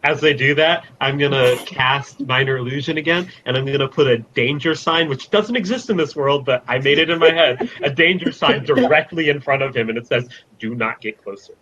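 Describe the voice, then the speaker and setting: A man's voice: medium pitch, brisk, hardly any pauses, pushed and bright, slight background noise. A man playing in a tabletop game, describing his moves plainly. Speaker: player. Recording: dull lo-fi mic with faint ambience.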